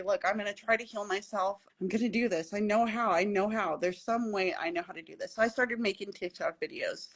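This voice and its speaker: Earnest woman telling her own story. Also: mid-range voice. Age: adult with children at home. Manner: earnest and emphatic, repeating key phrases. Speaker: podcast guest. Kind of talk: casual personal storytelling.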